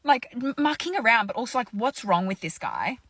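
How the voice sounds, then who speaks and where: A young woman casually telling a dating storytime, animated and exasperated, with loud outbursts and confiding asides. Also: fairly high pitch, a little fast, breathy edge, dry recording.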